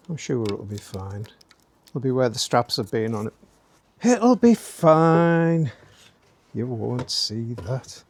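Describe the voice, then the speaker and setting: With a mid-range voice and a little hiss or hum on the recording, a middle-aged man casually walks through a DIY build outdoors in a garden workspace under light rain. As host of a DIY channel, he chats, jokes, and tosses in tags like "eh?" and "don't you?"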